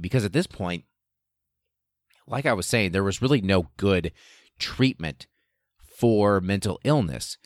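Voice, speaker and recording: Deep-voiced man telling a story with heavy swearing. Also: no echo, clean studio sound. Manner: profane, animated, comedic. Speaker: podcast host. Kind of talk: casual storytelling monologue.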